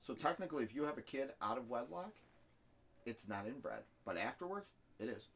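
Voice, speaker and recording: A man's voice: mid-range voice, a little fast, creaky. A young man co-hosting a podcast, trading crude jokes in casual banter. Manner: joking, animated, trades raunchy riffs. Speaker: podcast co-host.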